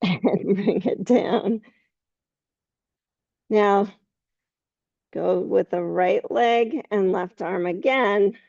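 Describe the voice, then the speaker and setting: Slow, gravelly-voiced woman yoga teacher. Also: mid-range voice, no room sound, lo-fi sound. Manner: slow, calm cueing with soft laughs. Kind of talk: guided yoga class instruction.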